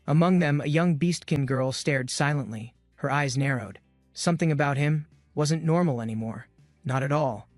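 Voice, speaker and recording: A man's voice: on the high side, moderate pace, darkish tone, no echo, soft background music. A man giving scripted, dramatic narration of a comic-book recap.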